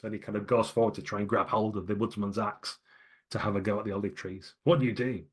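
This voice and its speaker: Low-voiced man running a tabletop game. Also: steady tone, fast talker, breathy edge. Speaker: game master.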